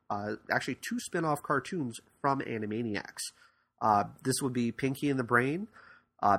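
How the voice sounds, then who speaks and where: A man's voice: mid-range voice, a bit bright. A man hosting a podcast in casual talk, rambling with frequent fillers and restarts. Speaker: podcast host. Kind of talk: casual podcast commentary on cartoons.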